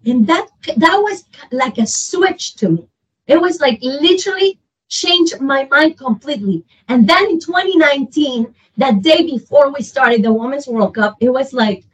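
High, animated woman broadcaster a bit off-mic. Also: distant mic, rough recording. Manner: animated, quotes others in lively voices, laughs often. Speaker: sports broadcaster, guest. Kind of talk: emotional storytelling in interview.

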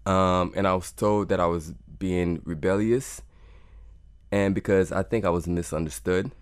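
A man's voice: sits low, steady tone, moderate pace, smooth, no echo, clean studio sound. A man, a cellist, talking earnestly in an interview and reflecting on his music. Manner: earnest, reflective, repeats words. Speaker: cellist guest. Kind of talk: conversational interview.

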